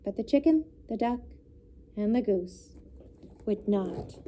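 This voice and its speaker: A woman teacher reading a picture book aloud to young students, pausing to comment and explain. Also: fairly high pitch, lively intonation, warm tone, a little hiss or hum. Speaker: elementary school teacher. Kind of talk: children's read-aloud.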